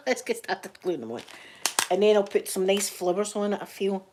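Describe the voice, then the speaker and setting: A woman with a Scottish accent talks softly and close to the microphone in a relaxed ASMR style. Her voice sits at a middling pitch, and she chats in a rambling, easygoing way, sometimes dropping into a whisper. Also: normal speed, background noise. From Scotland. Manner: soft-spoken, chatty, drifting into whispers. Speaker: ASMR live streamer. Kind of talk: soft-spoken ASMR chat.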